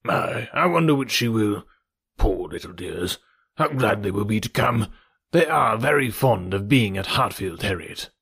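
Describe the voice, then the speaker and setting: A fussy, anxious old gentleman and father, as a man reads him aloud, sighing and fretting over his loved ones. His husky voice swings widely up and down, heard close and dry. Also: on the low side, expressive, unhurried, dry recording, exaggerated voice. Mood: doting. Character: fretful elderly fond father, gentleman. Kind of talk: audiobook reading.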